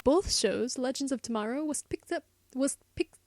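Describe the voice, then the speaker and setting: A woman's voice: high-pitched, expressive, moderate pace, pushed and bright, no room sound. A teenage girl hosting a student radio show, stumbling through a script in mock Shakespearean English, laughing and whispering asides. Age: teens.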